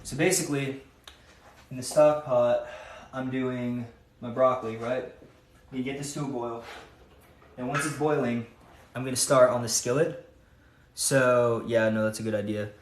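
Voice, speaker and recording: With a steady, mid-range voice, a home cook vlogger speaks a little slowly, leaving long pauses as he thinks aloud to camera while cooking in his kitchen. It's casual cooking-vlog chat, and the audio is distant, roomy, and full of kitchen noise.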